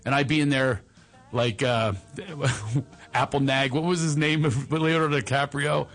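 A man's voice: medium pitch, a little slow, soft background music. A man hosting a podcast, telling stories in casual chat and laughing often. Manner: animated storyteller, laughs often. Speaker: podcast host.

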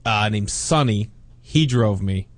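A man's voice: lowish voice, takes it slowly, dry recording. A laid-back man on a podcast who talks in slang and calls people "bro". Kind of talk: casual chat.

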